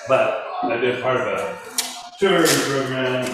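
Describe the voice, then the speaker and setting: A man spins a casual anecdote with lively energy, laughing along as he goes. He sits well back from the mic in a very echoey room. A steady hiss of noise runs underneath. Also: mid-range voice, a little slow, far from the mic. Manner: animated anecdote-teller, often laughing. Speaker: theater company member. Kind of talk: casual storytelling chat.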